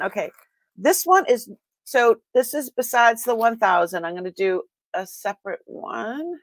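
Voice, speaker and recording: A woman's voice: a little high, expressive, a little slow, no room sound. Chatty Boston woman hosting a live stream. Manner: chatty, greets viewers by name, laughs often. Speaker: live sale host. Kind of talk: casual live-stream chat.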